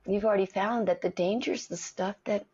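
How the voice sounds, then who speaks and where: On a dull lo-fi recording, a middle-aged acting coach tells stories during a conversation, animatedly playing out the voices she quotes. Her voice is medium-pitched with a breathy edge, and she speaks fairly quickly.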